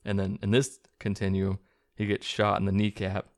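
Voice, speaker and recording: Man, low and gravelly, rambling casual movie recap with chuckles and cussing. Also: monotone, normal speed. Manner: rambling, chuckling, profane retelling with restarts. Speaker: movie reviewer.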